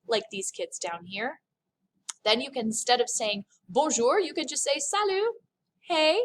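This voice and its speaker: High-voiced woman teaching French. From lived in France. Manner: slows down to savor French words, addresses the class. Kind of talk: classroom language lesson.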